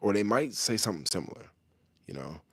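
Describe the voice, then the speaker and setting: A middle-aged man with a deep, low voice talks loosely to camera, full of street slang and easy chuckles. He answers a viewer's question in an unhurried, conversational vlog style. The sound is close and dry, with no room around it. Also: sing-song, breathy edge, no echo. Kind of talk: casual talk to camera.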